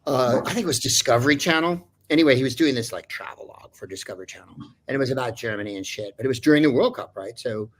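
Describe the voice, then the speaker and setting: Man, voice actor, casual anecdote, rambling, digressive, lots of ums and uhs, middle pitch. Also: animated, fast. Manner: rambling, digressive, many fillers. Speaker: voice actor guest.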